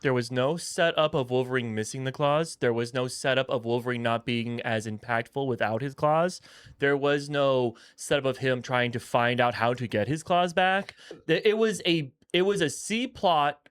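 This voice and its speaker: Smooth-voiced man in casual chat. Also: mid-range voice, normal speed, no room sound. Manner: animated, self-correcting, emphatic. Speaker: podcast co-host.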